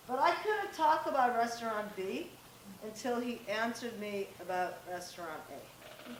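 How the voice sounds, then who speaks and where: A woman's voice: on the high side, lively intonation, measured pace, distant mic. A middle-aged woman giving a live talk to parents and teens, speaking directly and conversationally and acting out bits of dialogue. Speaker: parenting workshop presenter. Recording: echoey room, faint background noise.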